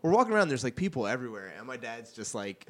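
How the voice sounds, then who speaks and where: A man's voice: mid-range voice, rapid-fire. A young man co-hosting a comedy podcast, telling stories in casual banter and laughing as he talks. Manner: animated storyteller, laughs through his stories. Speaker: podcast co-host.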